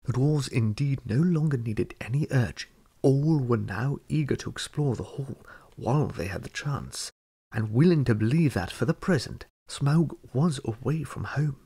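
A man narrating a fantasy storybook chapter in a measured reading voice. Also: medium pitch, gravelly, dark tone, slightly rough. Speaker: audiobook reader.

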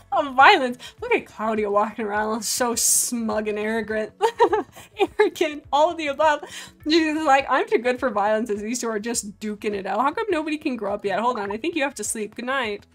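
A young woman streaming a game, chatting casually and excitably, gasping, giggling and speaking for her virtual pets. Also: high voice, normal speed. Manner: excitable, giggly, gasping, voices the pets' thoughts. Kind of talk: casual gameplay commentary.

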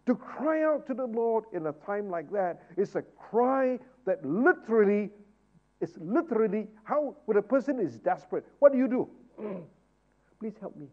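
A man preaches at a Bible study, asking rhetorical questions. His voice sits high and moves a lot, from quiet asides up to fervent calls. The recording is muffled and lo-fi. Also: sing-song, moderate pace. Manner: swings from hushed asides to loud, fervent exhortation. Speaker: pastor leading Bible study. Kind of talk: sermon-style Bible teaching.

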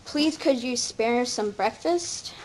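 A hungry young storybook boy asking politely for food, pleading, played by a woman reading aloud. The voice is a little high, with a faint hiss behind it. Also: animated, slow pace, a little mellow, low-quality recording.

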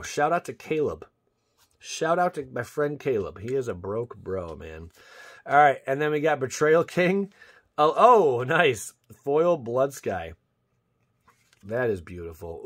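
A husky-voiced young man talks casually through opening booster packs. His pitch swings widely as he reacts, and he breaks into excited shouts and cheers over big pulls. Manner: excitable, bursts into loud yelps and cheers over good pulls. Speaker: YouTube channel host. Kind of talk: casual card-pack opening commentary.

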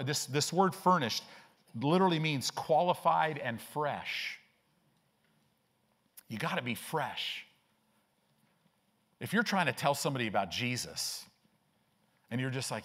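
Animated older man preaching. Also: a little high. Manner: animated preaching with rhetorical questions. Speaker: pastor. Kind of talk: sermon.

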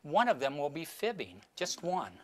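An older man with a slightly high voice talks an audience through a stage trick. He gives chatty, step-by-step directions and teases his volunteers gently. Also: sing-song, moderate pace. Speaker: magician performing for an audience. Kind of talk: archival stage performance with patter.

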